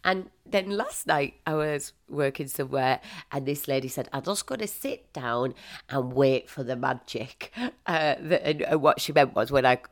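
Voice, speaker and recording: A middle-aged woman, a motivational speaker, telling stories in a lively casual monologue and acting out quotes with laughter. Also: very deep voice, moderate pace. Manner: animated, laughing, acts out quotes with big swings.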